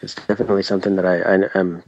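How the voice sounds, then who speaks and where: A man's voice: low voice, flat delivery, racing, a little mellow, muffled recording, slight background noise. A man from Tennessee with no strong accent, answering interview questions modestly and with some hesitation. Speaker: guest blogger.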